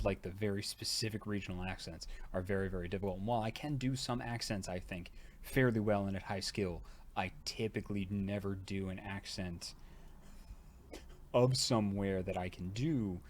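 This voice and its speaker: A man's voice: lowish voice, slight background noise. A man with a tired jaw chatting casually on a livestream, rambling with lots of fillers. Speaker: streamer and voice actor.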